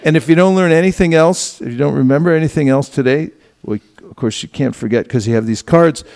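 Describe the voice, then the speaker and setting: A man's voice: on the high side, fairly quick, creaky, darkish tone. A man teaching a seminar group, acting out little dialogues with casual asides. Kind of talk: instructional talk to a group. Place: temple hall.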